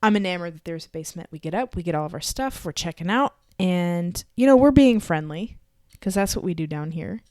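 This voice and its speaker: A woman from Texas with a Texan accent, co-hosting a podcast and telling family stories in an animated, casual way with some swearing. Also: fairly low pitch, brisk, hardly any pauses, dry recording, clean studio sound. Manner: animated storytelling with swearing and laughter. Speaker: podcast co-host. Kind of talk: casual chat.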